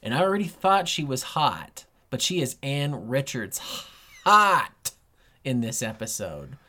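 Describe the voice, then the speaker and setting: A man's voice: mid-range voice, very animated, normal speed, a bit bright. A married man co-hosting a podcast in casual chat, blunt and joking with frequent swearing. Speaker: podcast co-host.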